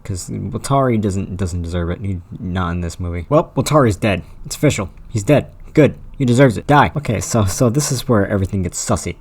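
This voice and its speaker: A man's voice: lowish voice, animated, brisk, hardly any pauses, breathy edge. Sarcastic, swearing man ranting about a movie. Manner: irritated, sarcastic, swears constantly. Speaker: anime movie reviewer. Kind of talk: profane comedic movie review rant.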